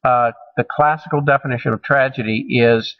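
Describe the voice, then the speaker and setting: A man teaching a recorded college humanities lecture, measured and halting, with frequent ums and restarts. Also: mid-range voice, steady tone, muffled recording.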